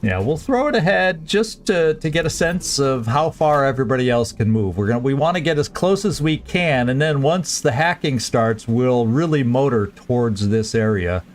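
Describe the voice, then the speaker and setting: A man streaming a strategy game, planning his moves aloud in a halting, casual way with frequent restarts. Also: mid-range voice, animated. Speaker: gameplay streamer. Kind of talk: casual let's-play commentary.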